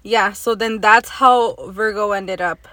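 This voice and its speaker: A young woman, explaining background in a relaxed casual chat. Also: medium pitch, measured pace, no echo. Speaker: podcast co-host.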